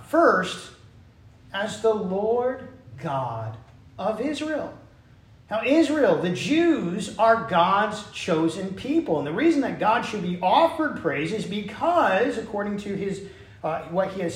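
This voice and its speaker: Man preaching a sermon in an echoey room. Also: a little high. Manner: conversational preaching with asides and restarts. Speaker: pastor.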